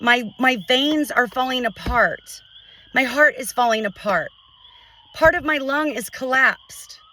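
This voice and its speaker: A woman's voice: high-pitched, pushed and bright, far from the mic, a little hiss or hum, poor audio. Frustrated woman venting to camera. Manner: frustrated, halting, with many restarts. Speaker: vlogger. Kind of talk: emotional personal vent to camera.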